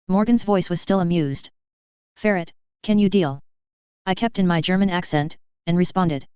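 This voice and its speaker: A woman with a lowish, very crisp and clean voice reads a science fiction story aloud. Her delivery is steady and even, and the sound is dry and close with a slightly dull, narrow tone. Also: normal speed, dry recording. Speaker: narrator. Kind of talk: audiobook narration of web fiction.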